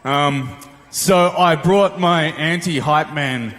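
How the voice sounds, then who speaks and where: A man's voice: a little high, slow, fairly bright tone. A man giving an awkward, self-deprecating stage introduction at a convention. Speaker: guest contestant. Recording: long hall reverb, faint noise.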